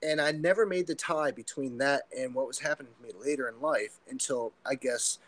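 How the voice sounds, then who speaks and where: A man's voice: mid-range voice, a little fast, a bit bright, dry recording, low-quality recording. A man speaking as a podcast guest, telling a personal story in an earnest, rambling way with many fillers and restarts. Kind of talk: casual storytelling.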